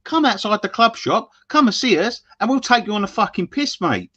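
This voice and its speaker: A man's voice: high voice, lively intonation, fairly quick, sharp tone, dry recording, muffled recording. A man with a London accent co-hosting a fan show in casual, sweary banter, laughing often. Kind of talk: casual pub-style banter.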